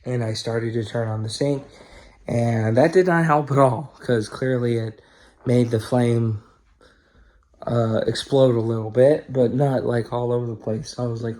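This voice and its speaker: Steady, a little slow, and dark in tone, this man's mid-range voice carries a rambling story he tells casually to camera as a vlogger. He curses a lot and leans on fillers and tag questions, constantly saying "you know" and "right?"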